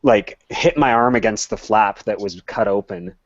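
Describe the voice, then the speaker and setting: A man playing a tabletop game, measured and a little hesitant as he describes his actions. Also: on the low side, dry recording, lo-fi sound. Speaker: player. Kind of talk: tabletop role-play.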